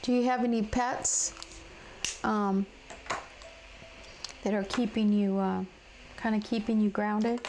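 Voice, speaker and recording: A woman with a gravelly, fry-touched voice hosts a casual live crafting session from home. She chats along with many fillers and restarts and answers viewers while she colors. A faint hiss of noise sits under her voice. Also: medium pitch, fairly even intonation, takes it slowly, pauses often, darkish tone, poor audio. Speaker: crafting livestream host.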